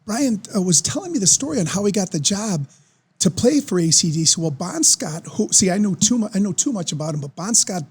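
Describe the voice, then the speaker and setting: A man, telling a story as a podcast guest in an excitable, animated way. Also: high-pitched, fairly quick, breathy edge. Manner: animated, excitable storyteller who acts out quoted voices. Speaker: podcast guest, former football player. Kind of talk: casual storytelling.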